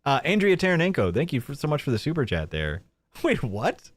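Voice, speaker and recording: A man's voice: medium pitch, huge pitch swings, brisk, no echo. A male host giving mocking live commentary on a clip, chatty and laughing often.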